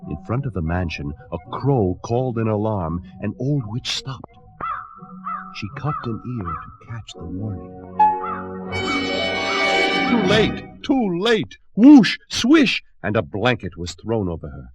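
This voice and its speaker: A man reading a children's storybook aloud with expressive, dramatic narration. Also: on the low side, moderate pace, loud music behind the voice.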